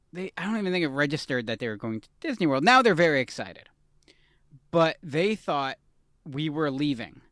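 Rambling self-mocking podcast dad. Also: male voice, medium pitch, fairly bright tone, clear, resonant tone, no echo, clean studio sound. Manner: rambling storyteller, self-deprecating. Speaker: podcast co-host. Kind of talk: casual chat.

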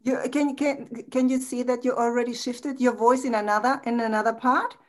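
Woman acting coach, prodding questions, quick urging, higher voice. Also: fairly even intonation. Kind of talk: workshop coaching.

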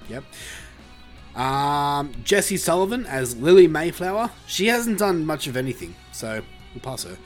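A man hosting a casual film chat, laid-back and halting, with lots of fillers and swearing. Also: fairly high pitch, big pitch swings, faint music behind. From Australia. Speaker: podcast host reviewing a film.

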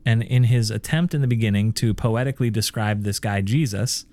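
A man's voice: lowish voice, fairly quick, darkish tone. A man co-hosts a conversational podcast, leaning into each point. He argues emphatically, stacking rhetorical questions as he goes. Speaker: podcast co-host. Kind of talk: casual chat.

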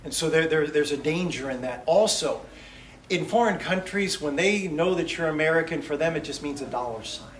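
Male missionary preacher, high voice, story-driven sermon, echoey hall. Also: moderate pace. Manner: animated, acts out quotes. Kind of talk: sermon with stories.

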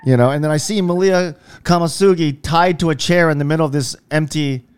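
Man, slightly high voice, animated storyteller, casual chat. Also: brisk, smooth. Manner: animated storyteller, swearing, acting out his own quotes. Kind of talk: casual conversation.

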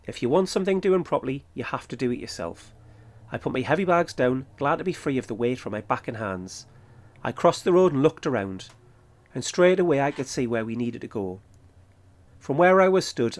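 A man, calmly narrating his own trip in a scripted podcast. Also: mid-range voice. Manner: steady, matter-of-fact storytelling. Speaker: podcast host. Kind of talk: scripted first-person narration.

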